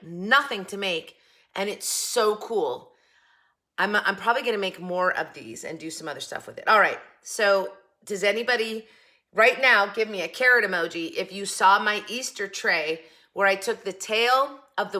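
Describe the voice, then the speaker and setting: A woman's voice: mid-range voice, pushed and bright. A woman hosting a craft vlog, showing off her projects in a chatty, enthusiastic way, often restarting her sentences. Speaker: craft channel host. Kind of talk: casual show-and-tell craft vlog.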